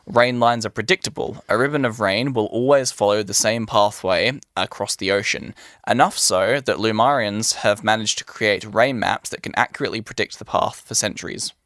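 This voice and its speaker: A man's voice: fairly low pitch, a bit bright, no echo. A man hosting a casual podcast, explaining fantasy lore with frequent "um" fillers. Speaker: podcast host presenting lore.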